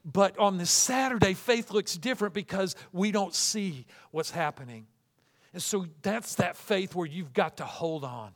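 A man's voice: high voice, unhurried. Fervent male pastor preaching. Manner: repetitive restarts, swings from loud fervent to hushed. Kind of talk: sermon.

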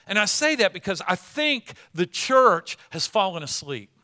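Middle-aged male pastor, sermon delivery, conversational stories building to emphatic preaching; bright, slightly high voice. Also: very animated, moderate pace, hardly any pauses. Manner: conversational storytelling, then rising to emphatic preaching.

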